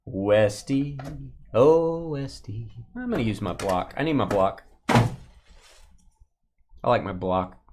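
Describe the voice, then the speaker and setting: A man hosting a live sports card break, reading out names and teams in quick bursts and joking with viewers. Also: on the low side, lively intonation, noisy background.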